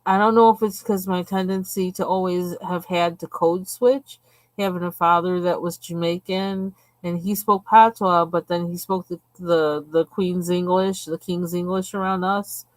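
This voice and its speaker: A woman's voice: lowish voice, fairly even intonation, moderate pace, dry recording. A woman hosting a live stream, chatting casually and rambling from one tangent to the next while she colors. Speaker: livestream host.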